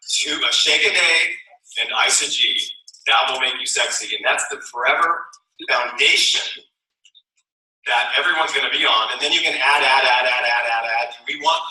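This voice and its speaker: A man giving an energetic, persuasive motivational speech at a sales event, repeating his key phrases to a roomful of people. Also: medium pitch. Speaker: speaker at a company sales event. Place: large room with an audience. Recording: echoey hall, mic from far off.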